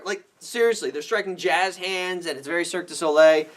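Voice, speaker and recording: A man's voice: a little high, fast, few pauses. Exasperated ranting man reviewing a film. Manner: animated, exasperated, profane, with frequent restarts. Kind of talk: ranting movie review vlog.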